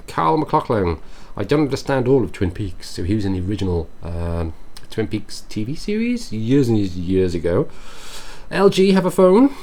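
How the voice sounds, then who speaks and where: Hosting a casual tech news show, a man with a lowish, warm voice reads headlines aloud and follows them with offhand, chatty asides and musings.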